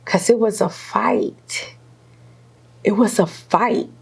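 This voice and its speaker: A woman's voice: medium pitch, takes it slowly, gravelly, breathy edge. A middle-aged woman, a guest in an interview, telling her own story with candid energy, laughing often. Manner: animated, laughs often, acts out quoted voices.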